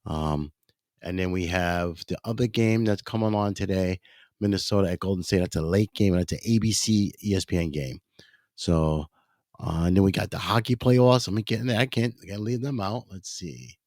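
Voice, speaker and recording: A man's voice: low-pitched, moderate pace, no room sound, studio quality. A man hosting his own podcast, rambling casually and correcting himself as he talks to the listeners. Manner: rambling, self-correcting, addresses listeners as ladies and gentlemen. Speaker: podcast host. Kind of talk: casual solo podcast monologue.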